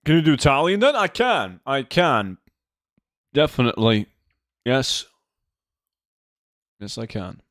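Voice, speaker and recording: A man's voice: medium pitch, sing-song, slow, pauses often, a bit bright, dry recording, studio quality. A man streaming a game, chatting and joking casually with his viewers and reading their messages aloud. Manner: rambling, joking, reads chat aloud. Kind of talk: casual livestream chat with viewers. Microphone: desk microphone.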